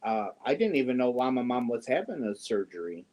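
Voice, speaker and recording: A man's voice: medium pitch, sing-song, fairly quick, darkish tone. A man hosting a crochet livestream, chatting casually, reading viewer comments and cooing to his cats. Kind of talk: casual chat while crocheting.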